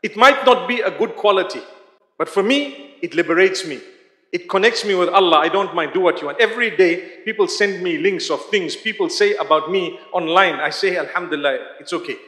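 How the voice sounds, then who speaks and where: Male lecturer, high register, chatty preaching style that draws in the crowd; roomy hall sound. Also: moderate pace, sharp tone. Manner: conversational, often asks the audience questions. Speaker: Islamic lecturer. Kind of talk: live religious lecture to an audience. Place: large hall. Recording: echoey hall reverb.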